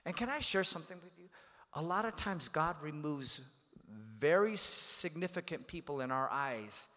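High-voiced preaching man in a reverberant hall. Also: expressive, normal speed. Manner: emphatic, calls on the congregation to repeat phrases; dynamic preaching with swings in loudness. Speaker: pastor. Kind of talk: sermon.

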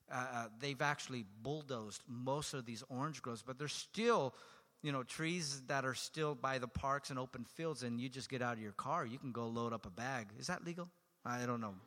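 A man's voice: mid-range voice, pushed and bright. A man preaching a sermon as pastor, talking conversationally and joking with his congregation. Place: church sanctuary. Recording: long hall reverb.

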